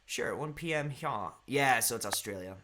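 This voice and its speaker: Bright-voiced chatty young man. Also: mid-range voice, expressive, moderate pace, slight background noise. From United States. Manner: rambling, chatty, greets viewers by name. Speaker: live stream host. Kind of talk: casual live stream chat.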